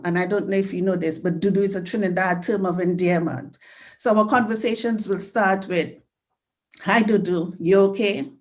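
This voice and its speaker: A woman of middle pitch hosts an online remembrance gathering, speaking over a video call. Her delivery is earnest and heartfelt, with warm repetitions. She sounds emotional and a little choked up throughout. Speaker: host. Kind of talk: hosting an online community remembrance event.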